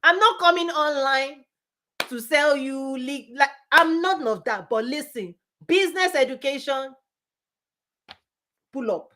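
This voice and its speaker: A woman business coach giving a forceful motivational talk, repeating punchy phrases and laughing often. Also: sits high, measured pace.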